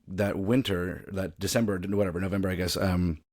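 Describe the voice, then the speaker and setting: A man's voice: low-pitched, fairly even intonation, brisk, a little mellow, dry recording, clean studio sound. A man from the American South, an actor talking casually as a podcast guest, rambling with many restarts and a mostly neutral American accent. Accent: neutral American, faint Southern. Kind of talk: casual interview chat.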